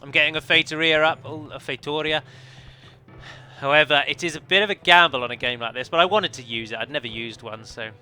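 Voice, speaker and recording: A man's voice: mid-range voice, fast, hardly any pauses, bright, forceful tone, smooth. A man commentating on his own multiplayer strategy match, chatty and analytical, often correcting himself mid-sentence. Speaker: let's play commentator. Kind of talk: game commentary.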